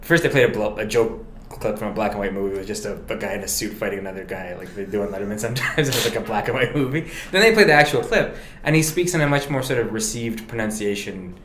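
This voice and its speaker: A man talks in a lively, rambling way during a relaxed chat, often laughing. His voice is bright and forceful. The room around him is echoey. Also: lowish voice, a little hiss or hum. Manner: animated, rambling movie talk with quick laughs. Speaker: guest. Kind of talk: casual chat. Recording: roomy echo.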